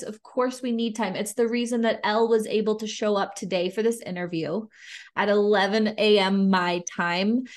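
Woman podcast host, reflective teacher tone. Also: mid-range voice. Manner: reflective, speaks to listeners like a teacher. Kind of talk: podcast interview.

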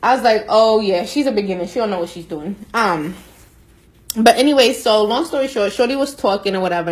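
A woman's voice: medium pitch, poor audio. A woman co-hosting a podcast, telling stories in a blunt, teasing way in casual chat. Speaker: podcast co-host.

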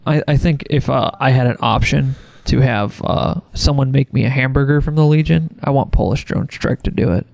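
A man's voice: mid-range voice, normal speed, creaky, hardly any pauses, a little mellow, no echo. A man hosting a casual podcast, reading listener questions and agreeing easily with his co-hosts. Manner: easygoing, laughs along, short agreeing replies.

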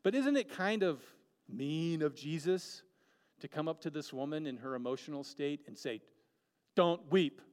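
A man preaching a sermon earnestly, moving between emphatic peaks and hushed, quiet lines. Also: on the high side, animated, moderate pace, smooth, long reverb tail.

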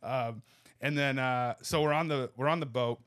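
A man in his thirties, a comedian guest, telling a wild story in rapid, profane, laughing bursts. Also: medium pitch, fairly even intonation, fairly bright tone, smooth. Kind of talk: casual storytelling.

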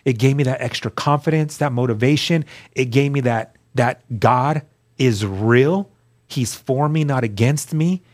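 A man, a guest on the show, telling his personal testimony in an earnest, emphatic way, dropping to a hushed voice at key moments. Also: medium pitch, normal speed, few pauses.

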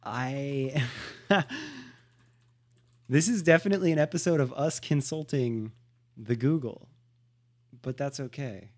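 A man's voice: medium pitch, takes it slowly, pauses often, darkish tone. A man co-hosting a podcast in casual chat, laid-back and joking. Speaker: podcast co-host.

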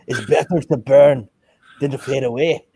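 A man's voice: medium pitch, steady tone, normal speed, mellow, breathy edge, dry recording. A man doing a grandiose Scottish wrestler. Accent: put-on Scottish. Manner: grand, dramatic declarations. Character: brash male Scottish pro wrestler, grandiose.

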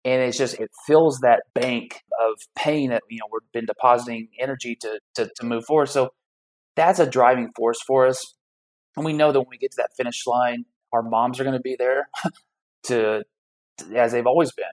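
A man's voice: mid-range voice, fairly even intonation, moderate pace, poor audio. A man speaking as a podcast guest in an upbeat, casual way. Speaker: guest, foundation founder. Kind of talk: podcast interview conversation.

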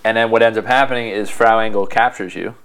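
A man's voice: fairly low pitch, fairly even intonation, a bit bright, clear, resonant tone. A man in casual chat, telling a video game's story with enthusiasm and acting out characters' lines. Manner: enthusiastic storytelling, acts out lines in quick voices.

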